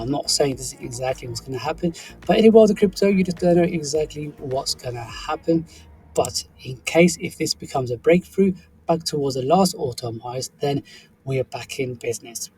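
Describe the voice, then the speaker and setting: A man with a sore, groggy throat, hosting an upbeat crypto chart commentary for his viewers. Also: a little high. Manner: hyped, energetic, talks to viewers as "guys". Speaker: crypto channel host.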